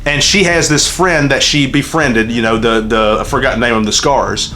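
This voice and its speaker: A man's voice: mid-range voice, normal speed, sharp tone. Rambling, cursing Southern man. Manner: rambling, emotional, swears constantly. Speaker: channel host reviewing a game. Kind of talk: casual unscripted review chat, heavy profanity.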